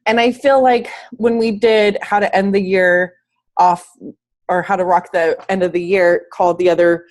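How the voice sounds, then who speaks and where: A woman's voice: fairly low pitch, steady tone, measured pace, a little mellow. A sick, slightly wheezy woman giving an upbeat, emphatic motivational talk as a fitness coach on a team call from home, speaking in casual slang. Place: at home, in bed.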